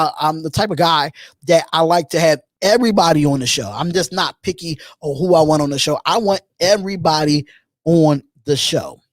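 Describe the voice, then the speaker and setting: A man from Philadelphia hosting a live call-in show, reading out chat questions and answering in an animated, repetitive way. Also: sits high, dry recording, studio quality. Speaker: host.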